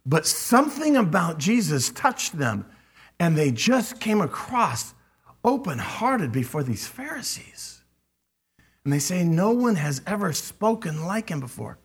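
A man's voice: sits high, big pitch swings, measured pace, husky. A man preaching a sermon, speaking animatedly and acting out quoted lines with emphasis. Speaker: pastor.

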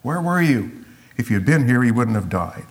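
A man's voice: medium pitch, very animated, moderate pace, lightly acted. A man voicing a grieving woman who pleads urgently and sounds exasperated, in a Bible teaching. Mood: pleading.

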